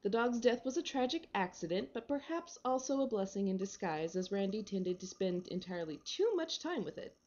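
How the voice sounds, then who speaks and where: Woman reading, wry and mellow. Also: mid-range voice, sing-song, brisk, hardly any pauses, dull audio. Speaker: reader. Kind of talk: reading a short story aloud.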